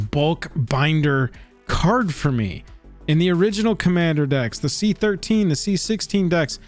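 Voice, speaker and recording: A man co-hosting a casual chat about card prices, animated and joking in his asides. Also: on the high side. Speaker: co-host.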